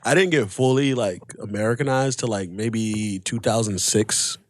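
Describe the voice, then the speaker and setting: A man's voice: lowish voice, moderate pace, no echo. A man with a slight African accent, a comedian chatting casually as a podcast guest, laughing as he tells stories. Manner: laughs often, animated storytelling.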